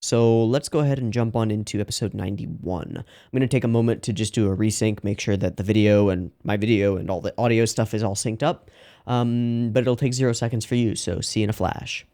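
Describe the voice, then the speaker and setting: Host masculino de react, voz grave, fala solta e divagante, com explosões de empolgação. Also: male voice, on the low side. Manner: chatty, rambling, loud excited outbursts. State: yawning, sleepy. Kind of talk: casual reaction commentary.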